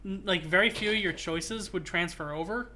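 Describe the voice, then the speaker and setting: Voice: mid-range voice, normal speed, slight background noise. A streamer chatting casually while playing a game, rambling and joking. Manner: rambling, animated, jokey. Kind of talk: casual gaming stream chat.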